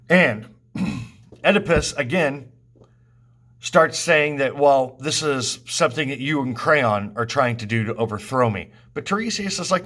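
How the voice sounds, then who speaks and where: A man's voice: medium pitch, animated, normal speed, fairly bright tone. A male teacher explaining a play to his students in a casual, loose way, restarting as he goes. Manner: casual, restarts while summarizing. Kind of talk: recorded lesson, explaining a play.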